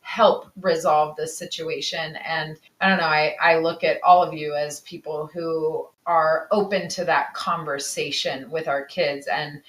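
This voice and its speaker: A woman's voice: deep voice, steady tone, unhurried, hardly any pauses, a bit bright. Candid, reflective woman in an echoey room. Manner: reflective, candid, sometimes swears. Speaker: podcast co-host. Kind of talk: casual conversation.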